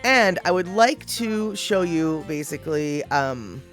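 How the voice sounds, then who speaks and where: A woman's voice: lowish voice, expressive, slow, faint music behind. A woman livestreaming, rambling casually and greeting viewers in the chat.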